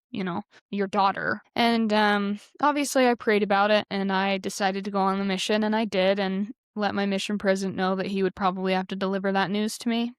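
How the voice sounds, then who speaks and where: A woman's voice: mid-range voice, clear, resonant tone, no room sound. Earnest woman in her twenties, guest sharing her story, filler-heavy, dry studio sound. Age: 20s. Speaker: podcast guest. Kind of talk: candid personal storytelling.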